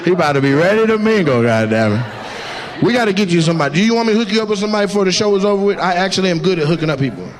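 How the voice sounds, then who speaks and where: A man's voice: high voice, lively intonation, rapid-fire. A male stand-up comedian doing crowd work, teasing audience members in a brash, profane way. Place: live comedy venue with audience. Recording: live show with crowd and noise.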